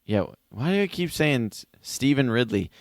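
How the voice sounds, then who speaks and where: A man's voice: mid-range voice, lively intonation, moderate pace, no room sound, clean studio sound. A man co-hosting a fantasy football podcast in casual, joking chat. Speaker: podcast co-host.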